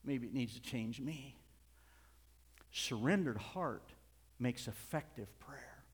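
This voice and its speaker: A middle-aged man preaching a sermon as a pastor, moving from soft asides to loud, fervent outbursts, with small chuckles between points. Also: mid-range voice, takes it slowly, breathy edge. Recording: reverberant hall.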